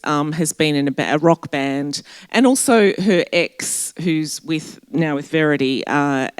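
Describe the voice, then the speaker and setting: Lively woman interviewing an author. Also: deep voice, dry recording. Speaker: event host interviewer.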